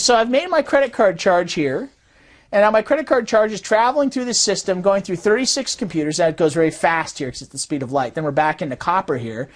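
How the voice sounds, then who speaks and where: A woman who designs fraud detection systems explains in an animated way and acts out quoted voices as she goes. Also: medium pitch. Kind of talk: explanatory talk.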